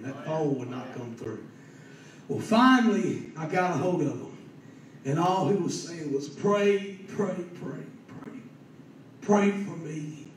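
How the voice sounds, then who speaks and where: A man preaches with growing fervor, his fairly high voice surging into loud emphatic peaks. He is picked up from a distance in a church sanctuary. The reverb is heavy, and faint room noise sits behind him. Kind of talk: sermon with personal story.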